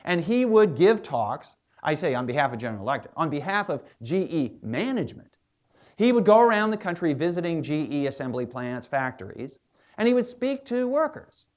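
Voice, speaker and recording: Biographer guy giving a talk, lively up-and-down voice, lots of you-knows and side stories. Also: on the high side, fairly quick. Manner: animated, chatty storyteller with many asides. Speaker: historian and biographer giving a lecture. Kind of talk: public lecture, storytelling.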